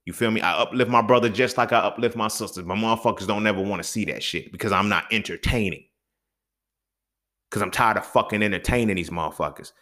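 Heated, profane young man ranting. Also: fast. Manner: heated, profane, swings between loud outbursts and low mutters. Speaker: podcast host. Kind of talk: solo podcast rant.

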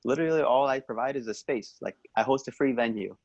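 A man's voice: mid-range voice, quick pace, a little mellow, husky, lo-fi sound. A man who works as a police officer, chatting easily on a podcast and telling stories. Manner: easygoing, storytelling with acted quotes. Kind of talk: casual podcast chat.

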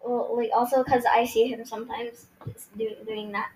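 A woman's voice: a little high, level tone, moderate pace, darkish tone, slight background noise, low-quality recording. A teenage girl who is a guest on her friend's podcast, teasing her friend and telling her own story with some hesitation. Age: teens. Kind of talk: casual chat.

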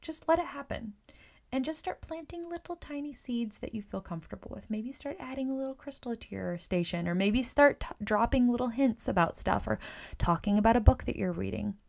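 A woman's voice: on the high side, lively intonation, a little fast, creaky, darkish tone. A woman who works as a hairstylist and Reiki practitioner, casually coaching fellow stylists and acting out client chats. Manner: chatty, often acts out client conversations; repeats words and uses fillers.

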